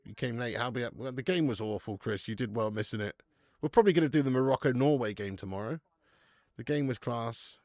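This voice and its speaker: A man's voice: mid-range voice, brisk, darkish tone, no room sound, studio quality. A man hosting a live football watch-along stream, chatting casually with viewers, laughing often and swearing freely.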